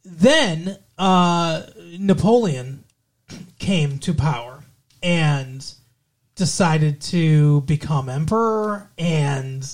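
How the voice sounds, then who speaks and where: A man's voice: on the high side, darkish tone. A man co-hosting a podcast, casually recapping a movie plot in a rambling way, full of fillers and swearing. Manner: rambling, swears freely, filler-heavy retelling. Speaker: podcast co-host.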